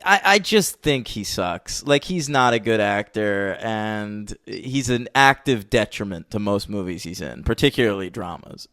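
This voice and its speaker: A blunt, sarcastic man co-hosting a film podcast in casual chat. His voice is smooth and clear at a middling pitch, picked up close and dry with no room sound. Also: animated, unhurried, hardly any pauses, fairly bright tone, no room sound. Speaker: podcast co-host.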